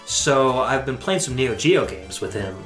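A man's voice: mid-range voice, lively intonation, unhurried, a bit bright. A man in his thirties co-hosting a casual chat about game music, upbeat and talking at length. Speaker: podcast co-host. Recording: roomy echo, faint music.

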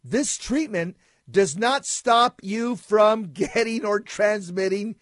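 A man reading prepared commentary on a talk show in a deliberate, indignant way. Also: high-pitched, no echo, clean studio sound.

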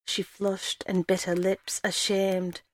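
A woman reading a first-person story aloud in a measured storytelling way. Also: mid-range voice, little pitch movement. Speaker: story reader.

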